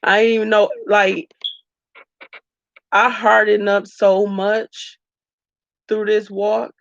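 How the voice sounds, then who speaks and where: A woman records a candid, emotional vlog, tearful and addressing her viewers as y'all. Her voice carries a gravelly edge. The recording is dry and a bit dull, as if made on a phone in a small room. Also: medium pitch, flat delivery, slow, no echo. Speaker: vlogger.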